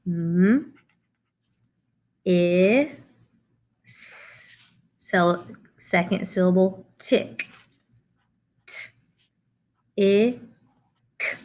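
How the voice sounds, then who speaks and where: A middle-aged woman teaching a children's phonics lesson, slowly and deliberately spelling out letters and syllables. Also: mid-range voice, a little mellow.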